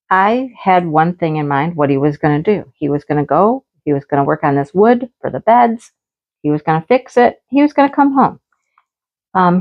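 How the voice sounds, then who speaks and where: A middle-aged woman, a teacher, chatting casually in her craft vlog, telling a story with a lot of laughter and acting out the dialogue. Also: medium pitch. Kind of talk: casual chat while crafting. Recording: slightly dull lo-fi audio.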